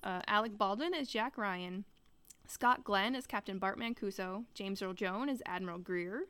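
A woman's voice: medium pitch, normal speed, a bit bright, clear, resonant tone. Young woman, podcast co-host, casual chat, rambly delivery. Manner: rambling, many restarts and fillers.

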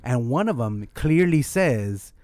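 A man's voice: medium pitch, big pitch swings, takes it slowly, darkish tone, no room sound. A man in a casual podcast chat, explaining things earnestly and with emphasis.

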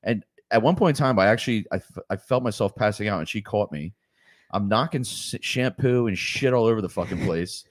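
A man's voice: on the low side, a little fast, no echo, studio quality. A man in his forties telling crude, rambling stories as a podcast host, swearing constantly and laughing often. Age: 40s. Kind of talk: crude casual storytelling.

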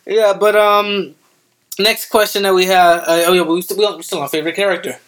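Excitable young man, high voice. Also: fairly quick. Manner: excitable, acts out quotes in voices. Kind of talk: casual chat.

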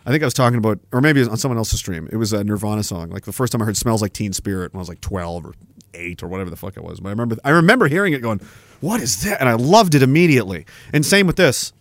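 A man's voice: on the low side, rapid-fire, no echo, clean studio sound. A man hosting a live stream, chatting casually in a rambling, profane way and laughing often. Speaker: podcast host. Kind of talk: casual livestream chat.

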